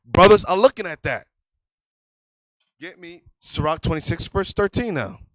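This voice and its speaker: A man's voice: on the high side, lively intonation, moderate pace, fairly bright tone, no echo, low-quality recording. A man teaching a religious class in an emphatic, conversational sermon style, often repeating his key phrases.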